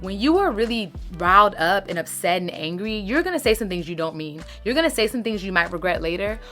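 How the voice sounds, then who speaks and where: A woman's voice: medium pitch, lively intonation, a little fast, a bit bright, soft background music. A woman, giving casual, emphatic advice to her followers as a lifestyle creator. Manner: chatty, emphatic, uses "sis" and "baby".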